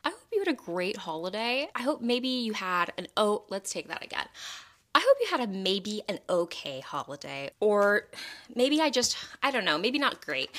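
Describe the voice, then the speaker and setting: A woman's voice: medium pitch, sharp tone. A young woman from Texas hosting a podcast, chatting and telling stories dramatically, with jokes and swearing. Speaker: podcast host. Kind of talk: casual chat, storytelling.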